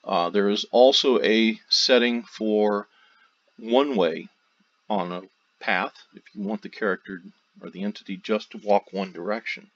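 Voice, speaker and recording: A man narrating a software tutorial, walking through steps one by one with loose, casual phrasing. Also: fairly low pitch, a little slow. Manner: steady step-by-step explaining, loose phrasing. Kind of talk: screen-recorded tutorial narration. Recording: dull lo-fi audio.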